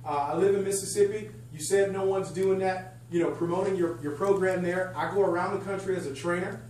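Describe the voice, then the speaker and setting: An energetic man leads a sales training session, his voice sitting higher than most men's. He talks excitedly and banters with the crowd. The mic is some way off in a very echoey function room with a faint hum behind him. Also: fairly quick, distant mic. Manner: energetic, excitable, chatty, jokes with the audience. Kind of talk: lively sales training talk to a live group. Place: function room at a country club event.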